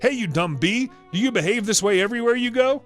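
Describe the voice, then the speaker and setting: A man's voice: high voice, expressive, fast talker, fairly bright tone, soft background music, pitched above the performer's own voice. A man voicing a young husband who mockingly teases a rude stranger, sly and playful.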